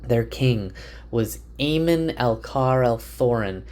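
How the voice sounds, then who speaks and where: A man voicing a commanding woman sorceress who speaks gravely, like telling an old legend. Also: mid-range voice, expressive, slow pace, darkish tone, pitched above the performer's own voice. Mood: solemn. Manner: grave, storytelling cadence.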